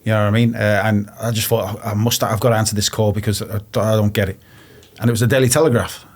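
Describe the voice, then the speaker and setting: A man's voice: fairly low pitch, level tone, fast. Blunt, swearing man telling his story. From England. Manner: blunt, swears often, retells phone calls with quoted voices. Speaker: interview guest. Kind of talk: casual storytelling.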